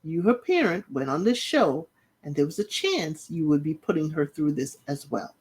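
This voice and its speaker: A woman's voice: sits low, expressive, normal speed, darkish tone, husky. A woman hosting a casual recap show, retelling scenes and talking straight to the people in them. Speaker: reality TV recap host.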